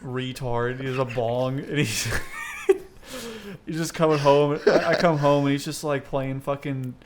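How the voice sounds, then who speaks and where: A young man hosting a casual comedy podcast, telling dark, absurd stories and laughing often. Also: mid-range voice, measured pace, slight background noise. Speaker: podcast host.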